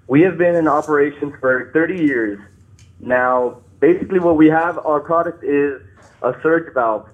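A nervous, shaky man calling into a show, talking haltingly, apologizing and restarting his sentences. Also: fairly high pitch. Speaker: caller. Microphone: phone. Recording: tinny phone line.

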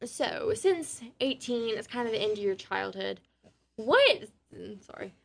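A woman's voice: a little high, big pitch swings, measured pace, vocal fry, a bit bright. A woman asking playful, teasing questions in a casual podcast chat. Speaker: co-interviewer.

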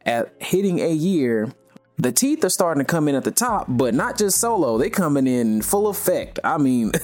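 A man's voice: medium pitch, darkish tone. A young man hosting a podcast, chatting casually and rambling with plenty of "you know" fillers. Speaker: podcast host. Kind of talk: casual chat.

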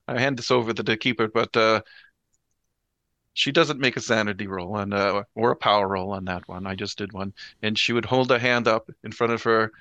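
Hesitant man with a bright tone. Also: lowish voice, clean tone, dry recording, lo-fi sound. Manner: hesitant, many fillers. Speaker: player. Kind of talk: describing his character's actions.

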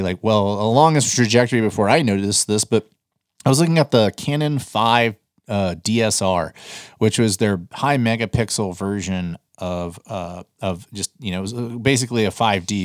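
A man co-hosting a casual podcast, talking in an animated, blunt way and swearing freely. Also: fairly low pitch, no room sound, studio quality. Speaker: podcast co-host.

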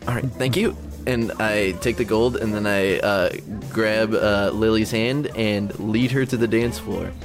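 A man playing a tabletop game, talking in character in a hesitant, soft-spoken way. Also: on the low side, steady tone, a little slow, over music. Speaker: player.

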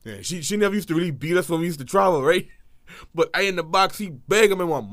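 Man, storytelling, animated, fairly high voice, dry close sound. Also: quick pace, no room sound. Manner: animated, acts out quotes, swings between hushed and loud. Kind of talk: casual storytelling.

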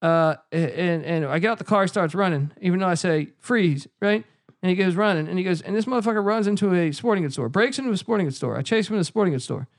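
A man's voice: high voice, fast, hardly any pauses. A man hosting a casual podcast, telling stories in a rambling, profane way with lots of fillers. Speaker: podcast host. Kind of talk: casual chat.

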